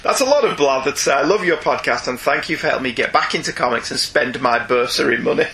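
A man's voice: mid-range voice, animated, quick pace, creaky, bright, forceful tone, a little hiss or hum, low-quality recording. A man hosting a comics podcast, reading listener emails aloud in a jokey, teasing way and laughing often. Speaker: podcast host.

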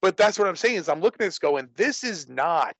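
A man's voice: high voice, big pitch swings, fairly quick, fairly bright tone, poor audio. A man talking casually about horror films, rambling with many restarts. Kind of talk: casual movie discussion.

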